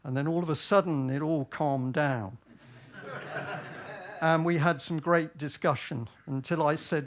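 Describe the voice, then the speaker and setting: A man's voice: a little high, normal speed, slight background noise. A man from Britain giving a public talk, often asking himself rhetorical questions and answering them. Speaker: speaker at a public event.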